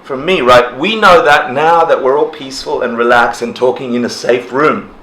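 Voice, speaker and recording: A man teaching a relaxed class, talking casually, laughing often and acting out people's reactions. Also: mid-range voice, normal speed. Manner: animated, laughs often, acts out quoted reactions. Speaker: dharma teacher. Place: indoor class room. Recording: roomy echo, faint ambient noise.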